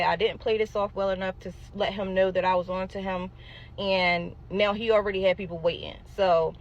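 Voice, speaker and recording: A woman recounting a personal ordeal in a casual storytime monologue at a middling pitch. She speaks emphatically and keeps turning to address her viewers directly. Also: a bit bright. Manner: emphatic, talks straight to viewers.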